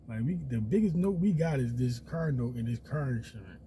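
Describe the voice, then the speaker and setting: A man telling a story casually, animated and profane, acting out quotes in a raised voice. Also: mid-range voice, fairly quick, slight background noise.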